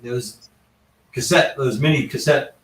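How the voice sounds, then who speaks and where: A man's voice: medium pitch, a little slow, fairly bright tone. A man, a paranormal investigator, telling anecdotes in a casual, rambling way with frequent restarts and asides. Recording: echoey room, far from the mic.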